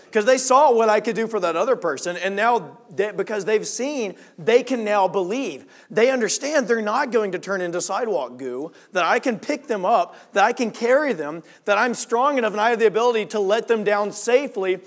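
A man preaching a sermon in a conversational, storytelling way, dropping to hushed lines and rising to emphatic ones. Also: sits high.

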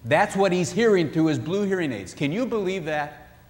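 Animated man preaching in a hall. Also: high-pitched, moderate pace. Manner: animated, acts out spouses' voices. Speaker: marriage speaker. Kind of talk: sermon-style talk.

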